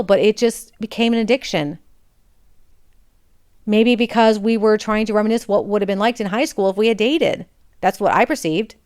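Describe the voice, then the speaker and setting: A woman's voice: medium pitch, smooth. A woman in her forties hosting a podcast, talking frankly and chattily in a candid personal monologue. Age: 40s. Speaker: podcast host.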